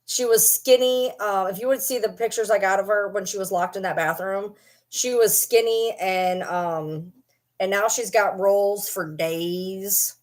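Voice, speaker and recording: A woman's voice: mid-range voice, fairly even intonation, measured pace. A woman vlogger chatting casually to the camera and teasing her pet dog in doting baby talk.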